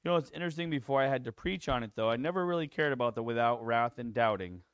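A man preaching a sermon in a conversational way, with fillers like "you know" and "kinda", who rises into animated acted-out quotes. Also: mid-range voice, fast, smooth, dry recording. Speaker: pastor.

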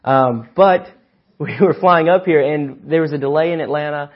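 A man's voice: on the high side, moderate pace. An earnest young man delivers a sermon in a slightly raised voice, leaning hard into the words he wants to land. The recording is somewhat dull and lo-fi. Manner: earnest, emphatic, rises to loud stresses. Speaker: preacher.

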